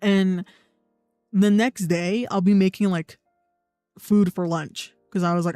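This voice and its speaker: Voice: medium pitch, steady tone, a little slow, long pauses, darkish tone, no room sound. A young adult livestreamer, in blunt, profane, sarcastic casual chat. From United States. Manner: sarcastic, mocking mimicry of others. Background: faint background music.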